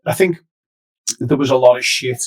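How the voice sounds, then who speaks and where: A man's voice: medium pitch, normal speed, crowd noise. A man, a DJ guest telling rambling, sweary stories with many restarts in casual podcast chat. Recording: distant doubled mic.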